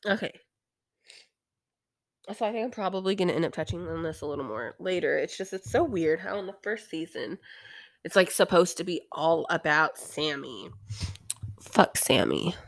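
A woman's voice: lowish voice, moderate pace, no echo, studio quality. A young woman hosting a podcast, casually recapping a TV episode in a chatty, irreverent way, swearing freely and sighing now and then. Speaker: podcast host.

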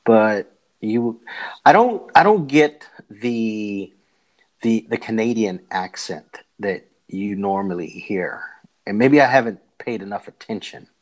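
A man's voice: on the low side, lively intonation, slow pace. Older man, podcast host, casual chat, rambling, repeats words.

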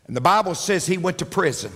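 A man's voice: high voice, animated, fast, fairly bright tone, breathy edge. A male pastor preaching a sermon emphatically, repeating key lines for effect, in a large church. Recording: reverberant church hall.

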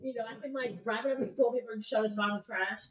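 A woman's voice: fairly high pitch, very fast, recorded from a distance, low-quality recording. Chatty woman telling a story off-mic. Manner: animated, lots of "like" fillers, acts out her own thoughts. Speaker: guest. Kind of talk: storytelling in a podcast interview.

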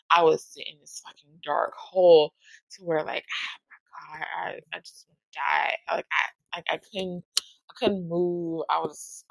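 A woman talking casually and emotionally about music, swearing often, with a gravelly voice. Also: on the low side, a bit bright, dry recording, poor audio.

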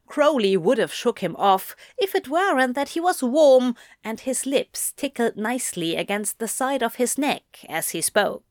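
A woman narrating a fan fiction story in an audiobook reading, in measured storytelling. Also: on the high side, dry recording, clean studio sound.

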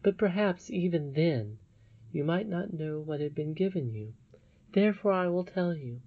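A man's voice: fairly high pitch, lively intonation, narrow, tinny audio, voice pushed up. Man voicing a wise regal old princess. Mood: solemn. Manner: solemn, measured, instructive. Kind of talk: audiobook reading.

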